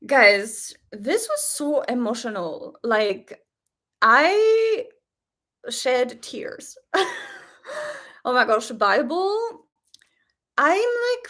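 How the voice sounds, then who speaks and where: A woman chats on a live stream from her home setup, gushing and excitable, tumbling through fillers. Her voice sits high, with a gravelly fry running through it. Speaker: live stream host reacting to a series. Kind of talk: casual live stream chat. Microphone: webcam setup.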